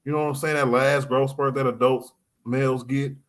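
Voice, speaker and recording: A man hosting a casual basketball chat with friends, animated, often repeating words as he argues his point. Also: mid-range voice, brisk. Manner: animated, repeats words, talks over others. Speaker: podcast host.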